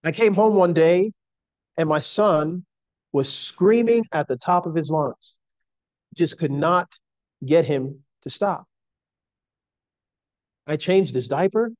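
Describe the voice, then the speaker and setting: A middle-aged man preaching a sermon in an earnest, slow and emphatic way. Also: on the high side, dry recording.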